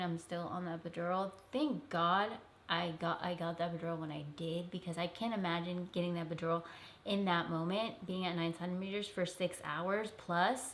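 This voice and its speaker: A woman's voice: fairly low pitch, slight background noise. A young woman vlogger telling a personal story in an emotional, earnest way, full of "like"s and close to tears. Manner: tearful, earnest, filler-heavy with many "like"s.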